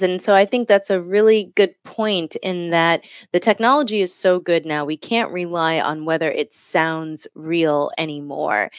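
A woman correspondent explains the issue clearly, with the odd light laugh. Her voice is on the lower side and sounds dry and close on a studio mic. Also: no echo. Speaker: senior correspondent. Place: Washington, D.C. area studio. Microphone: studio microphone.

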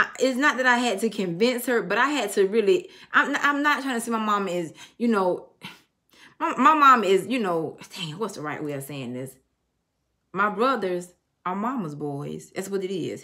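Woman, middle-aged, tarot reader, crisp bright tone, blunt, swears, animated storyteller. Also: mid-range voice, moderate pace. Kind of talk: casual tarot reading monologue.

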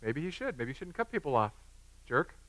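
A man's voice: fairly high pitch, big pitch swings, normal speed, a bit bright. A pastor in his thirties preaching a sermon in a church, joking and conversational.

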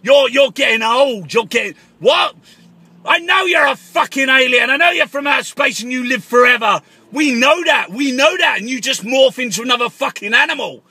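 A man, a taxi driver and artist, shouting and swearing through a comic paranoid rant on the phone. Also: extremely high pitch, expressive, normal speed, husky, no room sound. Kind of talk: comic ranting phone call.

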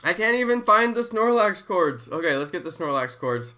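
A man in his thirties chatting casually and excitably on a live stream, often hyping and chanting. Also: sits high, normal speed. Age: 30s.

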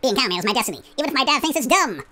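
A man's voice: extremely high pitch, sing-song, racing, sharp tone, voice pushed up, exaggerated voice. A man voicing an eager young boy who dreams of being a superhero, in an improvised game-video character voice. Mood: earnest, proud.

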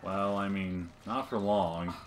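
A let's-play host with a deep voice jokes and swears as he plays a video game alongside his mother in a casual chat. He speaks slowly in a steady tone, and crowd noise can be heard.

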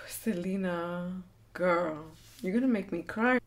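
A woman hosting a music reaction video, chatting casually in a bubbly, gushing way with high exclamations. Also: slow, heavy background noise. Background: song playing in the background.

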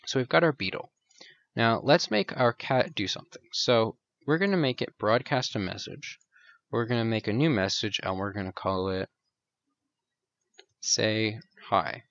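A man giving a casual coding tutorial, thinking out loud and poking fun at his own slips. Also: fairly low pitch, moderate pace, dry recording. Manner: casual, self-mocking, thinks aloud. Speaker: programming tutor. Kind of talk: screen-recorded coding tutorial. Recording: dull dry lo-fi recording.

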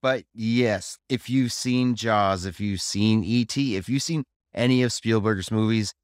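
A man co-hosting a podcast in casual chat, chatty and quick to react. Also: fairly low pitch, no echo, studio quality. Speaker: podcast co-host.

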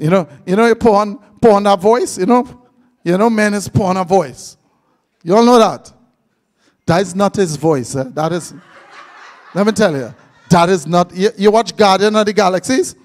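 A man's voice: high-pitched, animated, normal speed. A man preaching a live sermon, joking and quizzing his congregation. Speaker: pastor.

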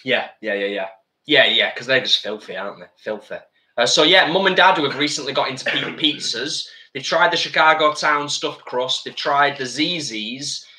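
A man chats casually while co-hosting a live cooking stream, reading viewer comments aloud as he tastes food. His voice is bright and forward, sitting at an ordinary pitch. The sound bounces around a home kitchen. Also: normal speed, reverberant. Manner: chatty, reads out viewer comments.

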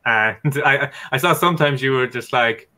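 A man's voice: mid-range voice, normal speed, sharp tone. A man hosting a podcast, asking casual questions with a laugh. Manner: short backchannels and laughing questions. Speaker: podcast host. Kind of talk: casual interview chat.

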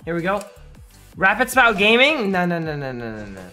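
A hoarse man streaming a game, giving hyped, trash-talking live commentary to his chat. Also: sits high, very animated, normal speed, bright, forceful tone, soft background music.

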